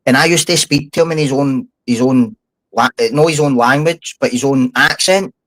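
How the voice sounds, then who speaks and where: A man's voice: medium pitch, moderate pace, a bit bright, no room sound, low-quality recording. A Scottish man in casual podcast chat. He is blunt and heated and swears often. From Scotland. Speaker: podcast guest, former prisoner.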